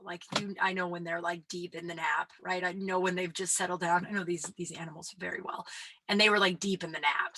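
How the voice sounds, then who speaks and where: A woman in her thirties with a deep voice, hosting a solo podcast in candid, rambling, sweary chat that often sinks to a whisper. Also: pushed and bright, no room sound, rough recording. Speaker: podcast host.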